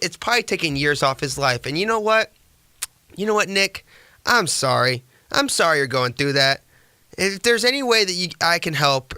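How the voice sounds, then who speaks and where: A man's voice: on the high side, bright, forceful tone, dry recording. A man hosting a sports podcast, giving casual, sarcastic commentary that rambles. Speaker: podcast host.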